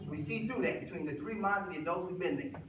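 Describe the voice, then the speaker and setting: A man with a high voice gives an assistant principal's informal talk to a group of parents and brings his stories to life by acting out the voices of parents and students. He is recorded from across an echoey room. Steady noise and room ambience sit behind him. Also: fast talker, recorded from a distance. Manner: animated, acts out voices of parents and students, laughs often. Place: room with an audience.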